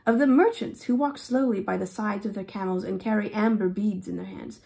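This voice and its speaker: A woman reading a fairy tale aloud for children with an affected English-style accent, expressive and pausing for short explanatory asides. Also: mid-range voice, gravelly. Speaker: storybook reader.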